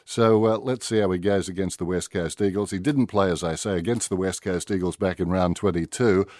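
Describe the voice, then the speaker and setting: An older Australian man talking football as a radio guest, measured and chatty, often tagging questions onto his points. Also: deep voice, a little mellow, dry recording, studio quality. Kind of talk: casual radio chat. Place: radio studio. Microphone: studio mic.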